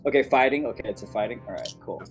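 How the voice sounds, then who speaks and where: A man playing in a tabletop game, halting, with many hesitations and frequent chuckles. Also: mid-range voice, soft background music. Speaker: player.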